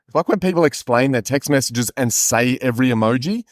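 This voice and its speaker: A man's voice: mid-range voice, animated, fast talker, no room sound, studio quality. A man co-hosting a comedy podcast who reads aloud and breaks off into crude, joking asides. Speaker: podcast co-host reading the text aloud. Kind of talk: casual comedic chat and reading aloud.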